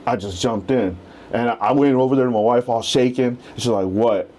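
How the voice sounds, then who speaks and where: A man in his thirties, a real estate agent and podcast guest, telling his story in a casual, animated way and acting out the quotes. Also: mid-range voice, a little fast.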